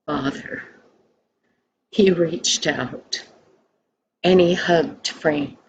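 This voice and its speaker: An older woman narrating a storybook tale in a soft, hushed, unhurried way. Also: sits low, vocal fry, highs cut off, a little hiss or hum.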